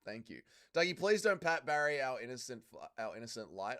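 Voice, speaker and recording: A man's voice: mid-range voice, sing-song, a little fast, bright, forceful tone. A man hosting a live watch-along stream, reading viewer chat aloud and bantering crudely, swearing freely and calling people mate. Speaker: livestream host.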